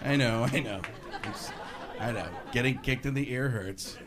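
A man doing a stand-up comedy set, animated and bouncing between asides and impressions. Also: mid-range voice, moderate pace. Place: comedy stage before a live audience. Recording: live club recording with crowd and hiss.

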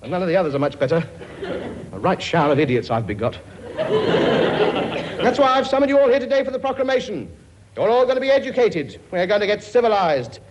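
A man's voice: sits high, big pitch swings, fairly quick, pauses often, muffled recording. A blustering, bossy king. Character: bossy cheeky king with ninety-four children, man. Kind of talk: comedy sketch acting. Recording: noisy recording.

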